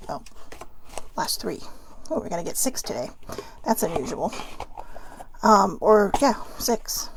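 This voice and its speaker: Chatty woman reading oracle cards, lively pitch. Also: noisy background. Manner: chatty, rambling, swears casually. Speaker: host of an oracle card reading show. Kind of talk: casual oracle card reading. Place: at home by a desk lamp.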